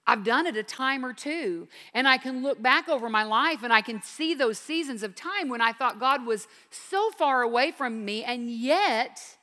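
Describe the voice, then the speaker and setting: Woman, 50s, high bright voice, earnest devotional teacher, reverberant hall. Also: expressive, moderate pace, few pauses. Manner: earnest, emphatic, swings from quiet to intense. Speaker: Bible teacher.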